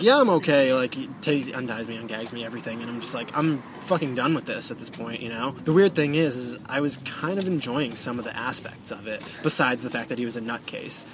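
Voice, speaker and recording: A man's voice: mid-range voice, noisy background. Rambling young man. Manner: rambling, filler-heavy, profane. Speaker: storyteller guest. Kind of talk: casual storytelling.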